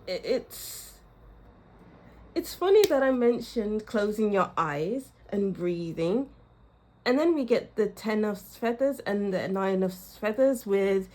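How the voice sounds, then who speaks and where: A young woman reading tarot for her viewers in a casual, musing way, often searching for words and laughing softly. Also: medium pitch. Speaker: tarot reader.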